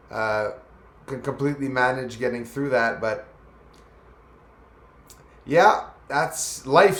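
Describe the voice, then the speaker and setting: A man's voice: a little high, a bit bright. A man hosting a casual live stream, chatting loosely and greeting viewers by name as their comments come in. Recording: echoey room.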